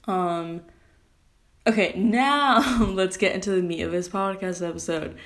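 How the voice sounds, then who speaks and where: A woman's voice: mid-range voice, unhurried. Rambling teenage girl podcaster. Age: teens. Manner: rambling, self-correcting, chatty. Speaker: podcast host. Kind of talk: casual solo podcast rant. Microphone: phone.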